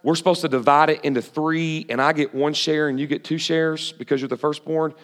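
A preacher voicing a sly, scheming younger twin brother who coaxes and bargains. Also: male voice, fairly high pitch, steady tone, fairly quick, a bit bright, big-room sound, lightly acted. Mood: sly coaxing. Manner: coaxing, bargaining.

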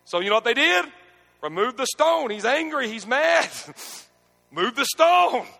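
A male pastor preaching with high, gravelly intensity, his voice ringing out in a big church. He swings from loud, dramatic outbursts to near-whispered moments. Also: big pitch swings, a little slow, in a large hall, soft background music. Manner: dramatic, swings between shouting and near-hushed speech. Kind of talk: sermon.

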